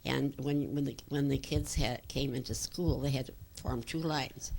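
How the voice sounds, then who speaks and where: A woman's voice: a bass voice, steady tone, moderate pace, gravelly, darkish tone. An older woman telling stories from her childhood in an oral history interview, rambling with fillers and restarts.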